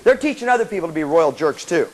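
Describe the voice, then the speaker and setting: Man, motivational speaker, seminar talk, high voice, swooping pitch, laughing storyteller. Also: sing-song, fast talker. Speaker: motivational speaker to student bands.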